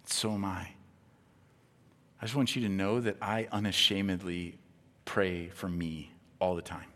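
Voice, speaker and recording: A man preaching a sermon as pastor, impassioned, swinging between hushed tones and near-shouting. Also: deep voice, steady tone, unhurried. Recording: long hall reverb.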